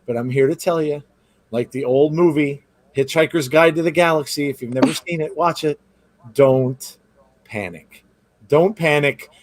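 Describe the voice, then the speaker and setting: A man's voice: a little high, fairly even intonation, a little fast, dry recording. A man hosting a live podcast, chatting casually and rambling through greetings to viewers. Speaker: podcast host. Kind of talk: casual live-stream chat.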